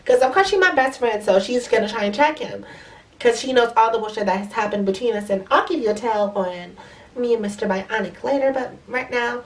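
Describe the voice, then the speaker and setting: A young woman with a stuffy nose tells a story at speed, swearing freely and staying animated the whole way. Her voice sits fairly high, and the mic is a little way off. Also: far from the mic. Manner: fast talking, profane, animated. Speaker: vlogger. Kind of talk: casual storytime.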